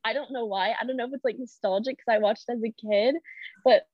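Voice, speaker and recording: Young woman, bubbly storyteller, fairly high voice, dry, dull lo-fi audio. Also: steady tone, a little fast, dry recording. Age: young adult. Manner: bubbly, acts out quoted reactions, frequent "like" fillers. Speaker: guest, Olympic gymnast. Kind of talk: casual storytelling chat.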